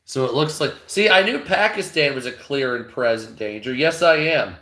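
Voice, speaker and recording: A man's voice: mid-range voice, animated, normal speed, bright, forceful tone. Blunt, profane male commentator. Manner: blunt and heavily profane, reading headlines aloud. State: tired, low energy. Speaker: online news commentator. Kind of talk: casual reaction commentary.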